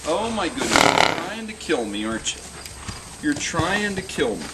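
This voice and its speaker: A wary young male horse frets out loud, as a man puts on its thoughts. The voice sits a little high, and crickets and insects buzz loudly behind it. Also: huge pitch swings, normal speed, very noisy. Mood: panicked. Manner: fretful, exaggerated inner monologue.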